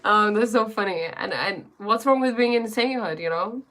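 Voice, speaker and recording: A woman's voice: mid-range voice, normal speed, few pauses, bright, forceful tone. A woman hosting a live stream who chats casually, greets viewers by name and reads oracle cards aloud, often restarting her sentences.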